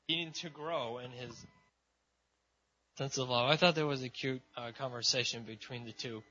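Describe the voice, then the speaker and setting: Chatty guy preaching, lots of "like" and "you know", bright voice, muffled audio. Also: mid-range voice, normal speed, breathy edge. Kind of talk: casual sermon. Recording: dull lo-fi sound.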